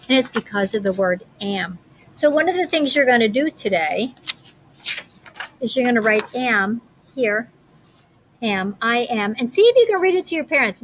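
Woman teacher, slow, encouraging. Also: fairly high pitch, slight background noise, rough recording. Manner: encouraging, speaks slowly and clearly. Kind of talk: reading aloud and teaching a lesson to young children.

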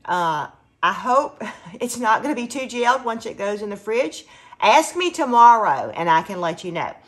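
A woman's voice: a little high, sing-song, normal speed, a bit bright. A woman chatting through a home canning demonstration in her kitchen, explaining each step as she works. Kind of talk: casual cooking demonstration.

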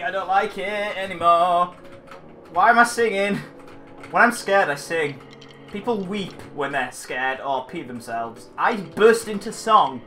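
A gamer giving let's play commentary on a horror game, excitable and jumpy, talking back at what is on screen. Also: mid-range voice, slow pace, soft background music.

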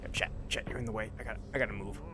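A man's voice: lowish voice, steady tone, rapid-fire, background noise. A man casually commenting on his own gameplay in a chatty, self-mocking way. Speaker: game streamer.

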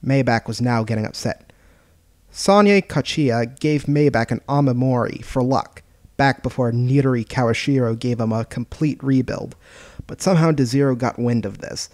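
A man's voice: mid-range voice, normal speed, a little mellow, no echo. Man reading a fan storybook aloud. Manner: plain reading with occasional stumbles. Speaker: narrator. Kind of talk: hobby storybook narration.

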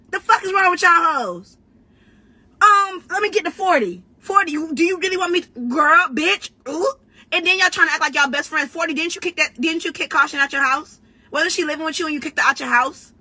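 A woman battle rapper in a brash, profane, trash-talking rant, talking casually and quickly. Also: high voice, bright, forceful tone, dry recording. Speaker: battle rapper giving commentary.

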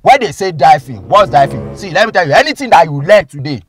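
A boastful man with a Nigerian accent, switching between pidgin and English as a comic driving instructor. His voice sits a little high and swings up and down a lot. Music plays clearly behind him. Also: big pitch swings, fast. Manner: boastful, mixes pidgin and English, laughs often. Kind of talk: comedy skit.

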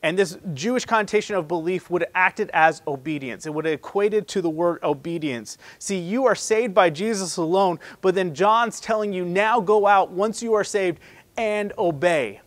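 A male pastor preaching in a relaxed, chatty way, calling his listeners "guys". His voice sits a little high for a man, and he swings from loud emphasis to quiet, low asides. The recording is dry, with almost no room echo. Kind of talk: sermon.

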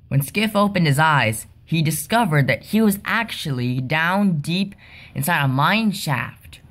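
A woman narrating a homemade toy train story softly, with small restarts. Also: low voice, expressive, unhurried.

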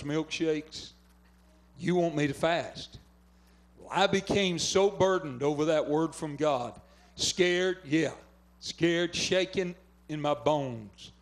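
An older man from Oklahoma, a pastor preaching fervently at a revival and telling a story. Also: on the high side. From southwestern Oklahoma. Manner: fervent preaching, urging callers to phone in. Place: revival tent.

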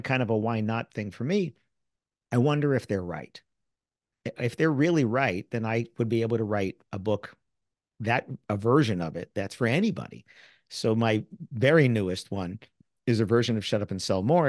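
An American man, middle-aged, speaking as an interview guest and sales author, telling lively stories and acting out the people he quotes. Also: on the low side, normal speed, no room sound, clean studio sound. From United States. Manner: animated storyteller who acts out quoted people. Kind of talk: casual interview storytelling.

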